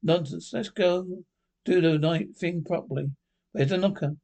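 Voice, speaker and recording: A man reading aloud as a brisk, brash young ghost hunter, barking orders in a slightly raised voice. He rules the group, quick to scoff and quick to command, straight from an old storybook. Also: high-pitched, vocal fry, darkish tone. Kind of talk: audiobook character voice.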